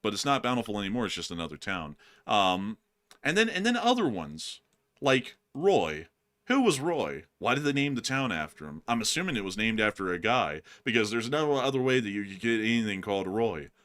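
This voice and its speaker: A man's voice: fairly low pitch, sing-song, a little fast, a bit bright. A young man hosting a casual chat show, rambling and joking, laughing often as he talks. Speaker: show host.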